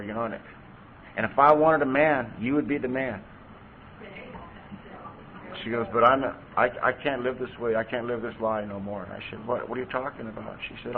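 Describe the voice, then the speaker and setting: A middle-aged California man stands at a convention hall podium giving his AA recovery testimony in a mid-range voice. He is candid and conversational, saying "you know" constantly. The tinny lo-fi tape carries a little hiss or hum.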